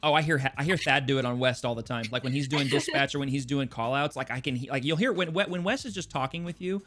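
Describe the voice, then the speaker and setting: A man from California hosting a podcast, chatting casually, quick to agree and thoughtful. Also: mid-range voice, fairly bright tone. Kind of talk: casual chat.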